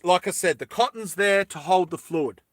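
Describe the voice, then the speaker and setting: A man's voice: high-pitched, normal speed, no room sound, clean studio sound. A man chatting casually through a lighter repair, rambling into jokey tangents and correcting himself as he goes. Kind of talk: casual how-to chat.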